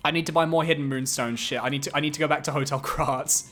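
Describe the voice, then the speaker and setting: A man streaming a video game who chats casually, gets excitable, swears freely and drifts into rambling asides. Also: a little high, fast, hardly any pauses, soft background music. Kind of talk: casual gameplay commentary.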